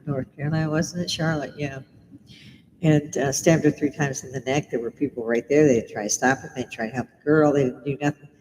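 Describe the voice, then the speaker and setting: Middle-aged british-born woman ranting and cursing on a live stream, roomy reverb, bit of hiss behind her. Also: rumbling low. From Britain. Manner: blunt, swearing, ranting. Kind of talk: casual livestream chat. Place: home bar.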